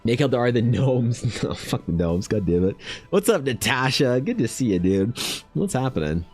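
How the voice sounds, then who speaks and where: A man who streams and runs tabletop games, chatting casually with his viewers in a rambling, animated and profane way. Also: medium pitch, moderate pace, breathy edge, faint music behind. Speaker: streamer and dungeon master. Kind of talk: casual livestream chat.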